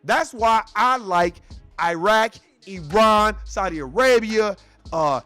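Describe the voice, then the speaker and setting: High-voiced man ranting, profane and heated. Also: animated, takes it slowly, sharp tone, no room sound, faint music behind. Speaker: show host. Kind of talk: ranting commentary.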